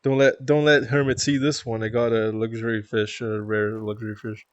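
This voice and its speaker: A man's voice: lowish voice, flat delivery, moderate pace, no echo, lo-fi sound. Chatty Canadian man, dry close sound. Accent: Canadian (Toronto). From Toronto, Canada. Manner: chatty, rambling, laughs often. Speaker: live streamer. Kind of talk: casual stream chat, reading chat aloud.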